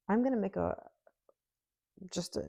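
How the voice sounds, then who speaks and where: Gravelly, mellow-voiced woman reading tarot. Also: medium pitch, dry recording. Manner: chatty, giggly, musing aloud with many hmms. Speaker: tarot reader. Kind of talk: solo tarot reading to camera.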